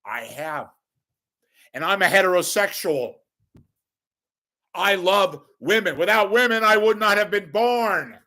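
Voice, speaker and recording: A man's voice: high-pitched, expressive, a little slow, pauses often, sharp tone. A man delivering an angry, profane ranting monologue as a local media commentator.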